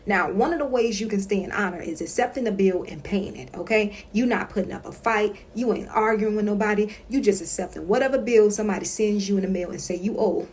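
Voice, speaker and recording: Woman vlogger, casual instructional talk, emphatic, repetitive, mid-range pitch. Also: brisk, hardly any pauses, darkish tone. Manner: emphatic and repetitive, keeps checking in with "okay?". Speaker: consumer-rights vlogger.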